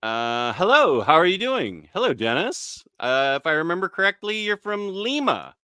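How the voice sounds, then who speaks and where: A man's voice: high-pitched, big pitch swings, moderate pace, pushed and bright, clear, resonant tone, no room sound, clean studio sound. A man hosting a casual live stream, chatting easily and answering viewer comments, with frequent fillers and small self-corrections.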